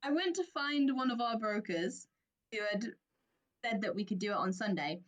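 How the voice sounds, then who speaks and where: A woman from England co-hosting a podcast, telling an animated story with plenty of laughter and quoted voices. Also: medium pitch, normal speed. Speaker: podcast co-host. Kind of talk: casual chat, storytelling.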